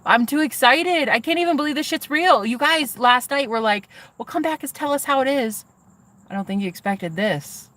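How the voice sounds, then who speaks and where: A woman telling a story to her viewers in a casual vlog, excitable and swearing freely as she talks straight to them. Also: high-pitched, moderate pace. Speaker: vlogger.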